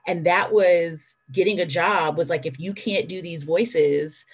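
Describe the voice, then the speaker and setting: A woman on a discussion panel who speaks candidly and in a storytelling way, with brisk asides. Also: lowish voice, slightly rough. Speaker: phone sex worker on a panel.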